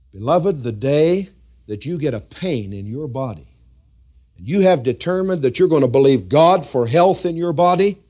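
A man preaching a sermon, dropping to quiet appeals, then rising to loud, high exhortation and slow, drawn-out scripture reading. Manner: reads scripture aloud in slow, drawn-out phrases.

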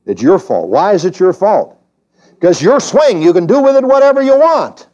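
A male pastor teaches an evening sermon in church, his voice mellow and dark yet swinging widely in pitch as he presses each point. He keeps asking his congregation questions. The recording sounds dull and slightly lo-fi. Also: big pitch swings, moderate pace. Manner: emphatic preaching, climbing high when stressing points. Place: church during a service.

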